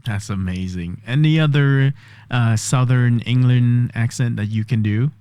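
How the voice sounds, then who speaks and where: A man testing an AI voice assistant, chatty and quick to interrupt, with a few voice-over comments. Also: medium pitch, warm tone, clear, resonant tone, no room sound. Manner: chatty, interrupts often, laughs easily. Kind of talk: casual talk with an AI and voice-over commentary.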